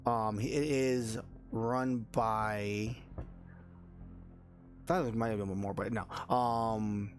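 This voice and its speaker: A man's voice: on the low side, steady tone, slow, pauses often. A man narrating as dungeon master in a tabletop game, hesitant, with many ums and restarts. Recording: faint music behind.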